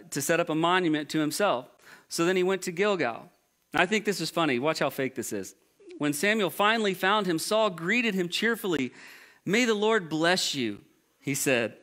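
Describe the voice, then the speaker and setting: A male pastor preaching a sermon, reading scripture aloud and commenting on it in a lively, jokey way. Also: high voice.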